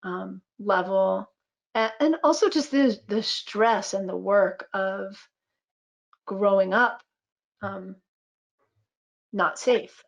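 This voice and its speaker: A woman's voice: mid-range voice, slow pace, gravelly, long pauses. A woman in her fifties, a physician and midwife, speaking on a webinar video call in a reflective, storytelling way with frequent fillers. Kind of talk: webinar conversation.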